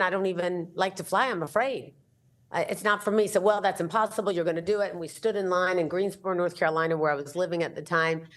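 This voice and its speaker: A woman in her fifties, an entrepreneur guest telling a story in an interview and acting out the dialogue as she goes. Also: fairly low pitch. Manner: animated, acts out the dialogue in her stories.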